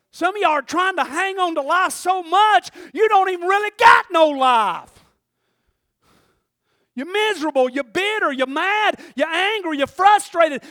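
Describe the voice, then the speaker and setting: A man preaching a sermon, swinging between hushed asides and shouted passages. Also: very high-pitched, no echo, studio quality.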